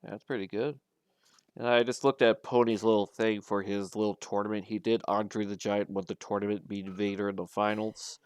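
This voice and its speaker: A man's voice: on the low side, little pitch movement, normal speed, clean tone, no room sound. A man chatting casually as co-commentator over a simulated wrestling game, rambling through wrestling trivia. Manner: rambling, laid-back, full of wrestling trivia.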